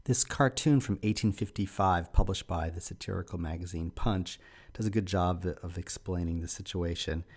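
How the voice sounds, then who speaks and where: Low-voiced man narrating a lecture. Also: a little mellow, breathy edge. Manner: measured, explanatory. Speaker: instructor.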